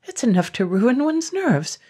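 Lady putting on a whiny worn-out storybook dragon, raised voice, bit husky. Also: a little high, very animated, unhurried, dark tone, voice pushed up, full character voice. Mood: plaintive. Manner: plaintive, put-upon. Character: weary, fussy male dragon minding a baby.

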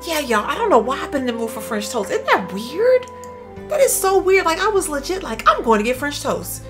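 A woman's voice: sits high, a little fast, over music. A young woman from Louisiana, chatting casually to her viewers while she plays a game. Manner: chatty, animated, talks to chat as "y'all". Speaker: gaming streamer. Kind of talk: casual live gameplay commentary.

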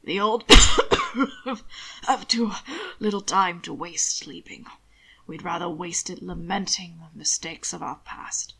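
A tired old duke with a low, gravelly, flat voice, slow and sighing, as a woman reads him aloud. He sounds worn out and wistful in a storybook reading. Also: heavily acted. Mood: weary. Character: weary, aged male duke, wistful and tired.

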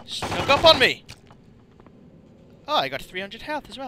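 An excitable man commentates his gameplay in a high voice that leaps all over the place. The noisy home recording has clear background noise running under him. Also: normal speed, long pauses. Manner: excitable, yelps and swears at the game. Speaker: let's play host.

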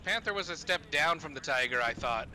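A man's voice: fairly high pitch, expressive, fairly quick, pushed and bright, a little hiss or hum. A young man gaming with friends, grumbling sarcastically and swearing often. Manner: grumpy, sarcastic, swears a lot. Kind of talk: casual gaming chat.

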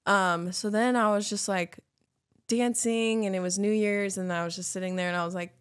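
A young woman co-hosting a podcast, talking in a laid-back casual way and throwing in quick quips. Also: mid-range voice, fairly even intonation, clear, resonant tone, no echo, studio quality. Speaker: podcast co-host. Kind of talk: casual chat.

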